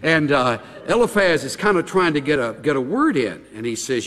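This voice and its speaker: Husky middle-aged preacher with lively pitch. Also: male voice, normal speed, hardly any pauses. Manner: animated, chatty, folksy asides. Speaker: pastor. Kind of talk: conversational sermon. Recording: long hall reverb.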